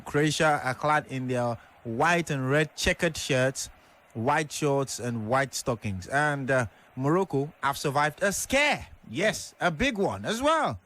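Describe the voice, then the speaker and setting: A man delivering a radio match report in a measured, halting way. His voice sits a little high. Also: expressive, a bit bright.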